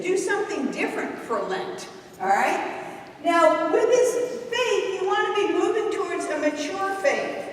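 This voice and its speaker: A woman giving a lively talk to a youth group in a church hall, asking the audience questions. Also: sits high, a little hiss or hum. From New England. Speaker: speaker at a youth ministry talk. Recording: echoey hall from far off.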